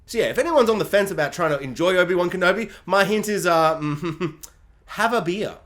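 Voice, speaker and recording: A man's voice: high-pitched, animated, moderate pace, a bit bright. Sarcastic, rambling male reviewer. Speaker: video reviewer. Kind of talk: casual review rant.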